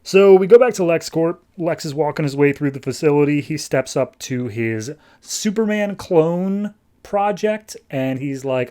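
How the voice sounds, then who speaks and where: A man's voice: fairly high pitch, animated, a little slow, dark tone. A man hosting a podcast, recapping a comic issue in a casual, chatty, wry way. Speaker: podcast host.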